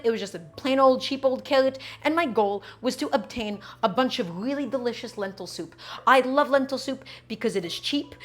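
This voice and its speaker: A woman streaming as she cooks, chatting casually, explaining her knife work and answering viewers' questions as she chops. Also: fairly high pitch. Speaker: cooking streamer. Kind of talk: live-stream cooking chat.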